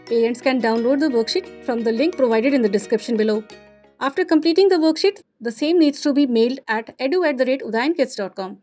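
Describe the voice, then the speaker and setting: A woman's voice: high-pitched, expressive, fairly quick, darkish tone. A woman reading instructions for parents about a worksheet in a plain, read-out manner. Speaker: announcer. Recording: faint music behind.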